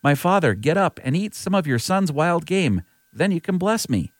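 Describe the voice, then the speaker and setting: A young son begs his father, robbed of what was his, voiced by a man reading scripture aloud. The pitch climbs high on his pleas and the melody moves a great deal. The recording is close and dry. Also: very animated, normal speed, no echo. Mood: pleading. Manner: earnest, lightly voiced reading. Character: pleading young man cheated of blessing.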